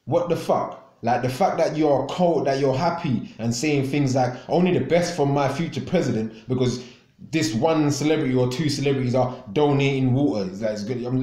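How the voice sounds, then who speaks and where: A man's voice: mid-range voice, a little mellow, roomy sound. A man hosting a radio show, ranting angrily with constant swearing and repeated words. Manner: angry, profane, repetitive. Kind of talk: ranting monologue.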